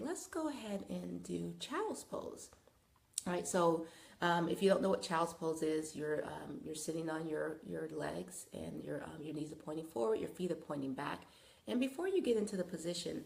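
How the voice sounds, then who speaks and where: Low, gravelly woman guiding yoga. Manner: loose, rambling instruction with many fillers; calm, coaching guidance. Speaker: wellness host and yoga guide. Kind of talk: live-streamed wellness talk and guided yoga. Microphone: phone. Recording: echoey room.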